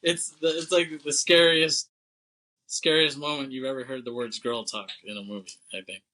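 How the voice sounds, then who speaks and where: A man's voice: medium pitch, steady tone, normal speed, sharp tone, low-quality recording. A young man co-hosting a podcast, casually recapping a movie plot with loose, profane talk and acted-out lines. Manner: loose and profane, acts out characters' lines with laughs. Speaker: podcast co-host.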